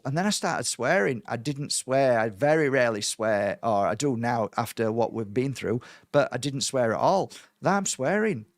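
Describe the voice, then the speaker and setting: A middle-aged man recounts a strange personal experience as a spiritual healer. He talks in an animated, halting way, full of fillers and restarts, and acts out the voices he quotes. His voice sits at a mid pitch and is recorded dry and close. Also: no echo. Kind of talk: personal storytelling.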